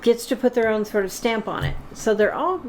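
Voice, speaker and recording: A woman's voice: fairly high pitch, expressive, a little fast, a little hiss or hum, poor audio. A woman co-hosting a casual chat, explaining things in a knowledgeable way with frequent ums. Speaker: absinthe expert co-host.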